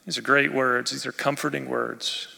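A male pastor preaching a sermon expressively, rising in force and dropping to near quiet. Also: mid-range voice, little pitch movement, moderate pace, creaky, husky. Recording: long reverb of a church hall.

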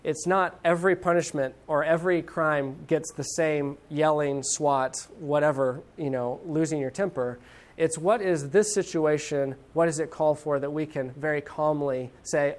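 A middle-aged man teaching a parenting class, talking in a loose, conversational way. He pauses often and fills gaps with ums and uhs. His voice becomes animated when he acts out a parent or a child. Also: on the high side. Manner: conversational, hesitant with fillers, animated when quoting.

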